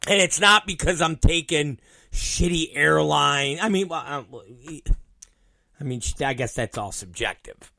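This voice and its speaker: A man's voice: a little high, lively intonation, measured pace, gravelly, bright, forceful tone, no room sound. A middle-aged man hosting his own show, telling a rambling, profane story and laughing at it. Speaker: podcast host. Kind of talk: casual storytelling monologue.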